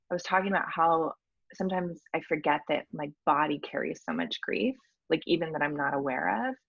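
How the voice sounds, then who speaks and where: A woman hosting a podcast in a casual, reflective way, warmly affirming her guest. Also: low voice, gravelly, breathy edge, no echo, muffled recording. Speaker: podcast host. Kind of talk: casual conversational interview.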